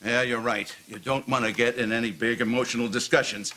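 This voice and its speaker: A man's voice: mid-range voice, steady tone, a little fast, bright, forceful tone, slight background noise, close to an everyday voice. An actor playing a stuffy, sardonic middle-aged father in a sitcom, with audience laughter behind. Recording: TV audio with studio audience laughter.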